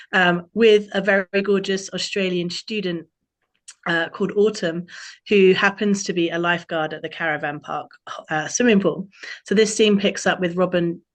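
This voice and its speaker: A woman author who introduces her novel with hesitant ums, then reads a passage aloud. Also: fairly low pitch. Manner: hesitant with many ums when speaking freely.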